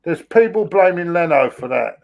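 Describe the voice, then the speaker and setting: A man's voice: on the high side, expressive, moderate pace, gravelly. Sarcastic man on a shaky video call. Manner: sarcastic, firm opinions. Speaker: guest pundit. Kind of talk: casual football fan chat. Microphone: video call over weak internet.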